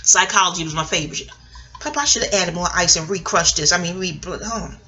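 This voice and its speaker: A woman's voice: lowish voice, fast, bright, forceful tone. A middle-aged woman vlogging in a casual, rambling way, digressing, laughing often and swearing freely.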